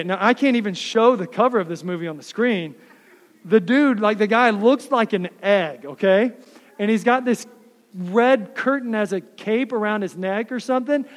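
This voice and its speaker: A man in his thirties, a pastor preaching a sermon, swinging from fired-up passion to quiet, close asides. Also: high-pitched, big-room sound. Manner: impassioned, builds up then drops to soft asides.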